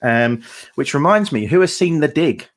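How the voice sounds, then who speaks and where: A man's voice: on the high side, animated, normal speed. A man co-hosting a folk song livestream, chatting casually in a rambling, hesitant way with many fillers.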